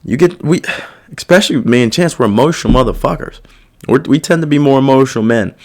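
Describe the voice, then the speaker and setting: A man's voice: medium pitch, fast. A young man hosting a podcast, talking through his feelings in a rambling, self-reflective and heavily profane casual monologue. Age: young adult. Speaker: podcast host.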